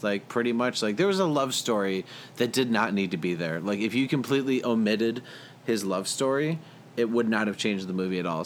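A man's voice: lowish voice, a little hiss or hum. A young man co-hosting a podcast, chatting casually about movies in a rambling way full of fillers. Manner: rambling, filler-heavy, chuckles often. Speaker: podcast co-host.

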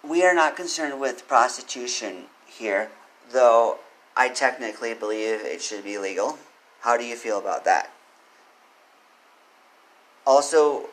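A man's voice: medium pitch, a bit bright, low-quality recording. A man reading out legal code and giving his opinions, often putting questions to the listener. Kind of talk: solo commentary with read-out legal text.

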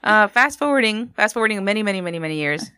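A woman's voice: medium pitch, animated, fast talker, sharp tone, dry recording, studio quality. A woman, co-hosting a podcast in casual chat, joking and swearing freely. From Texas. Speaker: podcast co-host.

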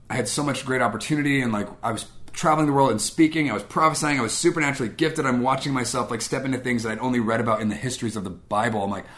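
A young adult man speaking as a ministry speaker, telling a personal testimony in an animated way and acting out his own past reactions. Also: medium pitch.

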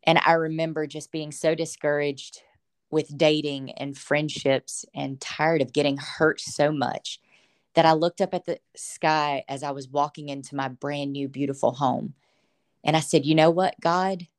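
A woman's voice: sits low, little pitch movement, a little slow. A woman, a podcast guest, telling her faith testimony in casual chat, earnest and emotional, often breaking into laughter.

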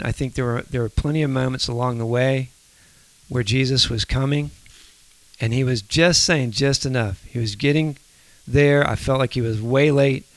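A man co-hosting a faith podcast, speaking in a soft, reflective, halting way. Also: mid-range voice, no echo. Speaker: podcast co-host.

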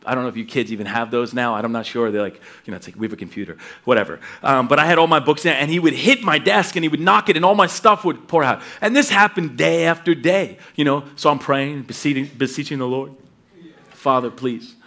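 A middle-aged pastor preaching, reading scripture and telling lively personal stories, acting out voices and laughing as he goes. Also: medium pitch, quick pace, hardly any pauses. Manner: animated storytelling, acts out voices, laughs often.

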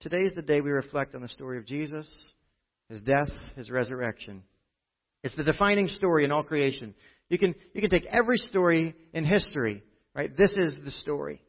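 A man preaching a sermon to a church congregation, chatty and full of rhetorical "right?" checks, dropping from loud emphasis to quiet asides. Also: fairly high pitch, lively intonation, fairly quick. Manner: conversational, with frequent rhetorical "right?". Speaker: pastor. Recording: dull, muffled lo-fi recording.

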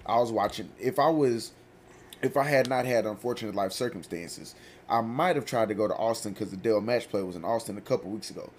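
A man hosting a podcast, chatting casually in a loose, slangy way with drawn-out stories. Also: fairly low pitch, slight background noise. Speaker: podcast host.

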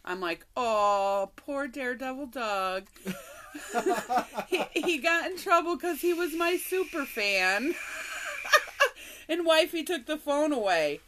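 A woman co-hosting a podcast, telling a story in a casual, animated way, swearing and laughing often. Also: high voice, takes it slowly. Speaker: podcast co-host.

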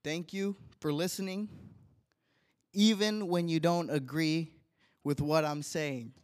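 A young man stands before a church congregation and reads a tribute from his notes. His voice sits a bit high and he takes it slowly, with heartfelt, earnest thanks. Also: steady tone. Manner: heartfelt, earnest, slow and deliberate. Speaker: church member giving a tribute to his wife. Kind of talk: read tribute speech in church.

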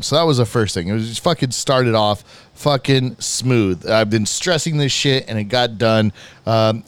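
A young man hosting a podcast, telling a rambling story about his day with lots of swearing and animated retelling. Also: mid-range voice, smooth, no room sound. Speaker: podcast host. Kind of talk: casual storytelling chat.

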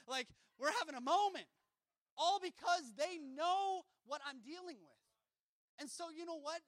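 Young male preacher, ringing bright tone, fervent sermon that climbs to shouting. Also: extremely high pitch, lively intonation, brisk, dry recording. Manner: impassioned, building to shouts; casual asides between scripture reading.

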